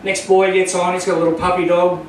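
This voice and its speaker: High-voiced Australian comic in an echoey room. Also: male voice, little pitch movement, quick pace, far from the mic, slight background noise. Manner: crude, rowdy storytelling, shouting punchlines. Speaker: stand-up comedian. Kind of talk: stand-up comedy. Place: small comedy club stage.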